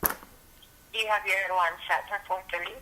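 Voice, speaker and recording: A woman's voice: medium pitch, steady tone, fairly quick, bright, forceful tone, poor audio. A middle-aged woman speaking as a mother over the phone, fussing and asking repeated questions. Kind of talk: casual chat.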